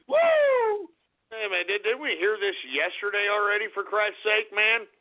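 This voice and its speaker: A man hosting a call-in radio show, ranting loudly and profanely while drinking. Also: high voice. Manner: loud, profane, insulting rants. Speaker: radio host. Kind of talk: rowdy call-in radio rant. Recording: lo-fi phone-like radio stream.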